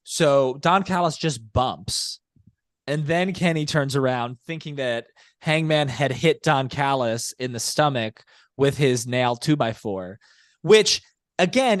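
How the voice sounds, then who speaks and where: A man's voice: a little high, no echo, clean studio sound. A man co-hosting a podcast, talking in a casual, analytical way with long explanations. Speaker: podcast co-host. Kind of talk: casual chat.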